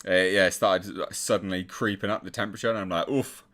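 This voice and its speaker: A man's voice: deep voice, a bit bright. A young English man chatting casually on a live stream and reading out viewer comments. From England.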